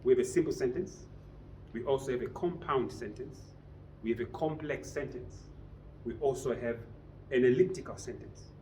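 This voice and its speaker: A man's voice: mid-range voice, normal speed, mellow, slight background noise. A man teaching a business writing class, lecturing and often putting questions to his students. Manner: quizzes the class with frequent questions. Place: training room with a class.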